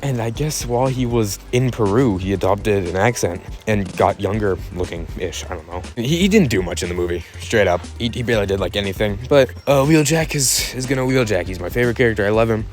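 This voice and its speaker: A man's voice: lowish voice, expressive, fairly quick, hardly any pauses, soft background music. A man hosting a casual opinion vlog, rambling and correcting himself as he talks in a laid-back way. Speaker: YouTube channel host.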